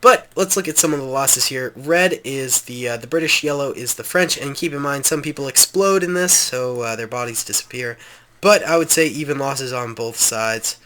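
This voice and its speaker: A man's voice: mid-range voice, a bit bright. A man hosting a gaming channel, giving enthusiastic, rambling gameplay commentary with frequent ums.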